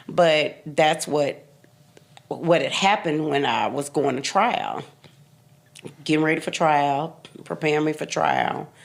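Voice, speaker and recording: A woman in her fifties, a podcast guest, bluntly telling her own story with emphatic repeats and occasional laughs. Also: sits low. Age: 50s. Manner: blunt, emphatic, repeats phrases, laughs through hard memories. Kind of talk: candid personal storytelling.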